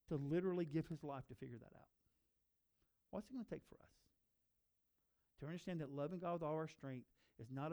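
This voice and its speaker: A man's voice: a little high, warm tone. A male pastor preaching a sermon, earnest and building to emphatic repeated phrases.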